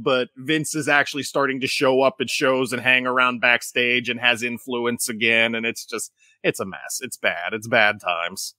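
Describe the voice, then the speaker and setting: A man co-hosting a podcast, chatting casually with animated, sarcastic rants. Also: mid-range voice, no echo, studio quality. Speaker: podcast co-host. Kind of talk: casual chat.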